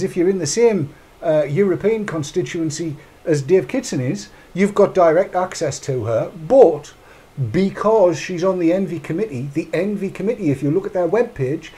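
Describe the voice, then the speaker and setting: A high-pitched man hosts a live online panel show, steering the talk with a wry, teasing edge. His delivery is conversational and easygoing. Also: mellow. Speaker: show host.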